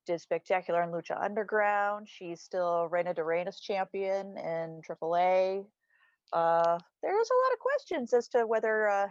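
An enthusiastic woman co-hosts a casual chat podcast, rambling through her points with plenty of fillers. Her voice is mid-pitched for a woman. The recording is dull and lo-fi, with a dry sound. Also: no echo. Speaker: podcast co-host.

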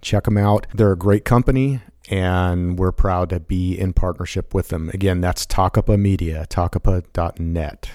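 Deep, dark-voiced man co-hosting. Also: steady tone, normal speed, hardly any pauses, no room sound, clean studio sound. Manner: joking, easygoing. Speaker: podcast co-host. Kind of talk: casual chat and sponsor read.

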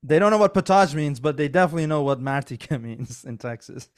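A man's voice: fairly high pitch, expressive, fairly quick. A man hosting a podcast in casual, joking chat, laughing often and trailing off mid-sentence. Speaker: podcast host.

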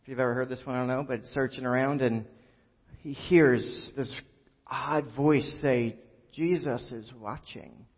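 A pastor delivers a relaxed, joking sermon, full of fillers and asides. His voice rings out in a big echoey church hall. The recording sounds muffled and dull. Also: mid-range voice, moderate pace. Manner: conversational, joking, many fillers.

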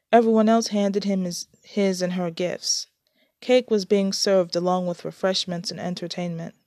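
Woman reading a story in a low, dry voice. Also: darkish tone, no room sound. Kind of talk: reading her own story aloud.

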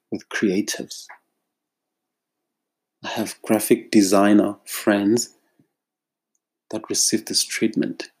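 A man's voice: on the low side, darkish tone. A South African man, a freelance creative, speaking in an emphatic, exasperated monologue straight to camera. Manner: emphatic, exasperated, drawn-out phrasing.

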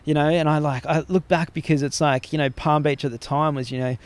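A man with an Australian accent tells long, winding stories in a casual podcast chat. His voice sits a little higher than most men's. He swears often and rarely finishes a sentence before starting the next. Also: steady tone, fairly quick, smooth. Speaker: podcast guest.

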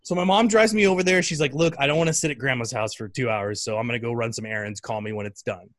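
A man's voice: medium pitch, quick pace, fairly bright tone, dry recording. A man in his thirties telling a story casually and animatedly, acting out the voices of the people in it. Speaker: guest.

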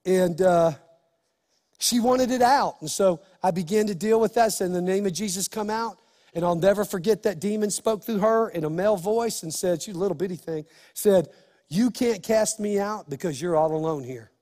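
A male pastor preaching an impassioned sermon, building to shouts. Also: high voice, moderate pace, big-room sound.

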